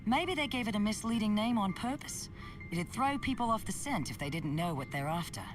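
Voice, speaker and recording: A woman playing a wry, lively woman companion. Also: mid-range voice, fairly quick, natural voice. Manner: dry, teasing. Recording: distant, over game music.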